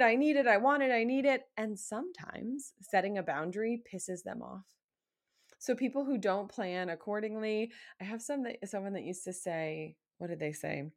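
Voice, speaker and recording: A woman hosting a solo podcast, talking casually and emphatically as a coach and acting out the requests she quotes. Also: lowish voice.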